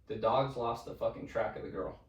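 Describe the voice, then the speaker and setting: A man co-hosting a podcast, telling eerie stories in a casual, profane, animated way. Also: mid-range voice, fairly quick. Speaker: podcast co-host. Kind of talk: casual storytelling chat. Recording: roomy, distant mic.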